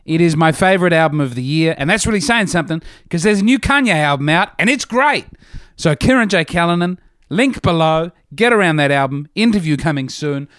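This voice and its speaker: A man hosting a podcast, talking through a casual comedic monologue in an animated, self-mocking way. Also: fairly high pitch, fairly quick, clean tone, no room sound, studio quality.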